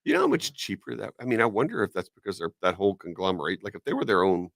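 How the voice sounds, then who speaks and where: A man co-hosts a radio talk show, telling jokey stories with lots of animation. His voice is low and gravelly and swings widely in pitch. The studio sound is dry. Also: quick pace, dry recording. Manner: joking, animated storyteller. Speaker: co-host. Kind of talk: casual chat.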